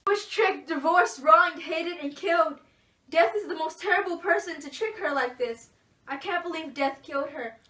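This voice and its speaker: A woman's voice: very high-pitched, normal speed, sharp tone. A teenage girl playing a grieving noble mother in a school play, wailing her lament. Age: teens. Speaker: student actor. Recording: echoey room, from far off.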